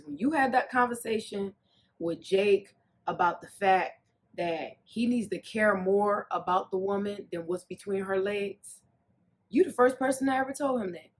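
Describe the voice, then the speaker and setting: A woman hosting a casual TV recap, talking in a sassy, animated way that swings between loud jokes and soft, earnest asides. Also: mid-range voice, unhurried. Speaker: recap host.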